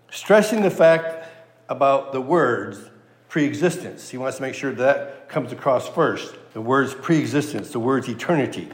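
A Bible teacher with a mid-range voice preaches an expository sermon in a roomy-sounding space. He repeats key phrases for emphasis and checks in with his listeners.

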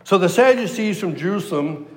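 A man's voice: high voice, lively intonation, brisk, a little mellow, echoey room, in a large hall. A male preacher giving a conversational, emphatic verse-by-verse sermon. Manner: conversational and emphatic, acts out quotes. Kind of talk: sermon, verse-by-verse Bible teaching.

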